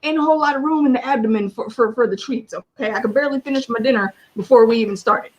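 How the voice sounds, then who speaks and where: Female host, casual chat, animated, quick bursts, higher register. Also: slight background noise.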